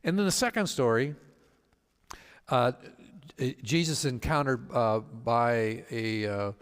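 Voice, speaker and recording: A man's voice: medium pitch, clean tone. Male pastor teaching in a reverberant room. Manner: storytelling, halting with fillers and restarts; acts out quoted speakers with voice changes. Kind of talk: Bible study teaching.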